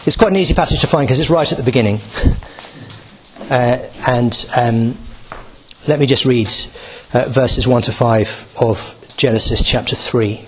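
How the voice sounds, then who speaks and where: A man's voice: medium pitch, moderate pace, a bit bright, a little hiss or hum. A man giving a Bible teaching talk, reading a passage and explaining it with many restarts and asides. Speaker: preacher.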